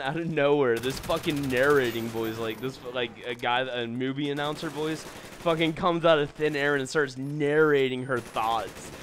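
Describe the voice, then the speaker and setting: A young man with a mid-range voice rambles through stories while gaming, swearing a lot and filling gaps with "um"s and "like"s. There's noticeable noise in the background of this gameplay commentary.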